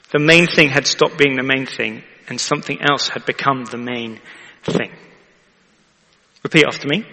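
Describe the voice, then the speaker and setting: A man's voice: on the high side, gravelly, bright, forceful tone, big-room sound. A man, a vicar preaching in a chatty way and often asking the congregation to agree. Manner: chatty, asks the audience for agreement. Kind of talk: sermon.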